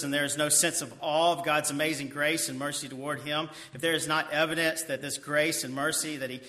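A man preaching a sermon, reading verses aloud and then asking his listeners questions that he answers himself, dropping to a quiet voice on key points. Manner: drops to a soft low voice on key points. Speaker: pastor. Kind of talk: expository sermon.

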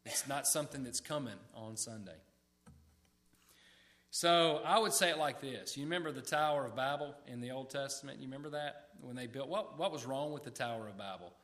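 A man's voice: medium pitch, brisk, a bit bright. Conversational man preaching a sermon. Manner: conversational preaching, repeats words, asks the audience questions.

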